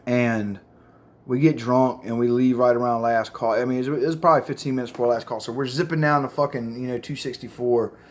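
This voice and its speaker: A man, rambling and swearing as he casually tells old stories into his phone camera, getting loud and excited at the punchlines. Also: medium pitch, brisk. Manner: profane, rambling, gets loud and excited telling jokes. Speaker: storyteller.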